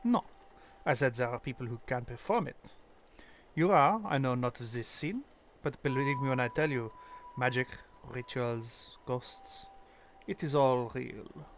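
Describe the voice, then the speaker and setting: A man voicing a poised French male academic who debunks fraudulent mystics, in a put-on French accent with formal, measured delivery. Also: mid-range voice, slight background noise, close to an everyday voice. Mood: assured.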